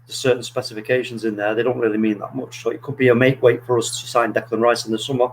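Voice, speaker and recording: A man hosting a casual football chat, telling stories in a rambling, animated way with many restarts. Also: medium pitch, fast, a little hiss or hum, rough recording. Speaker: podcast host.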